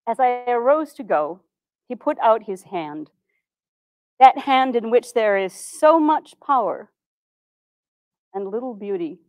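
A woman's voice: medium pitch, no room sound, dull audio. A woman playing a dignified 1860s woman reformer. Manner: formal, measured old-fashioned diction. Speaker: historical reenactor. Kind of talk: first-person historical monologue.

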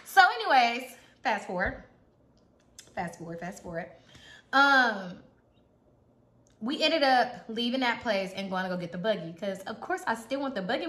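A woman's voice: high-pitched, moderate pace. A young woman with a Houston accent telling a funny storytime, laughing often, full of slang and acting out what people said. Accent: Houston, Texas. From Houston, Texas. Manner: animated, laughing often, slangy, acts out dialogue. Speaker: vlogger. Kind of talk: casual storytime. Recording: echoey room.

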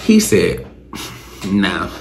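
A young man telling a rambling storytime to the camera, full of slang and swearing, jumping up in pitch when he acts out his friends. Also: extremely slow, a little hiss or hum. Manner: animated, acts out friends' lines with pitch jumps. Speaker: vlogger. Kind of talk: casual storytime.

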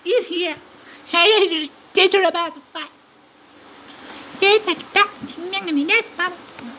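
A squeaky cartoon kid guarding his candy. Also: unhurried, sharp tone, a little hiss or hum, full character voice, low-quality recording. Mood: possessive. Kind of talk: animated TV commercial.

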